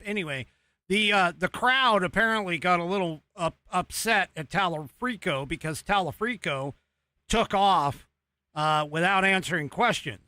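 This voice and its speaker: A man's voice: sits high, moderate pace, bright, forceful tone, no echo. A man hosting a political talk show, rambling and exasperated, with sarcastic asides and an American accent. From United States. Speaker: podcast host. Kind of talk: casual political commentary.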